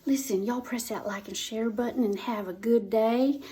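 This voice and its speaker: A woman's voice: a little high, steady tone, moderate pace, dark tone. A woman telling a folksy comic story in a drawl, repeating words for effect.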